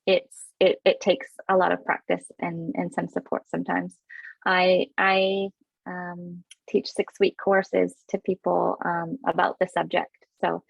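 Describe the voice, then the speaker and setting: Fast-talking woman hosting a parenting webinar. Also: lowish voice, gravelly, slightly rough, dry recording. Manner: quick, with many fillers and restarts. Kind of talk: webinar talk. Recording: dull, dry webinar audio.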